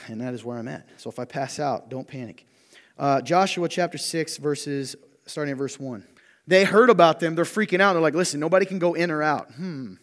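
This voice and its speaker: A man preaching a sermon in a conversational, animated way with joking asides, his voice strained by allergies. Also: fairly high pitch, moderate pace, big-room sound. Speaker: pastor.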